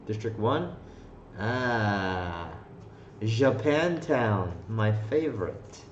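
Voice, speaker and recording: A man's voice: on the low side, expressive, very slow, a little hiss or hum. Rambling, profane man on a live stream. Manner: rambling, profane, laughs often. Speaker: trading livestream host. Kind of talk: casual live-stream chat. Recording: roomy, slightly dull stream audio.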